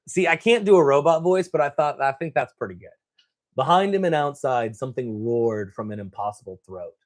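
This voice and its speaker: A man's voice: mid-range voice, lively intonation, fairly quick. A man hosting a gaming channel, casually reading a novel aloud, stumbling over words and breaking off with joking asides.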